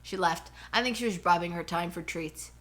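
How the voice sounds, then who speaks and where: Bright, animated woman ranting at home. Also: lowish voice, fairly quick. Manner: animated, rambling storyteller. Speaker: podcast co-host. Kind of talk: casual chat, ranting. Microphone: cheap headphones mic.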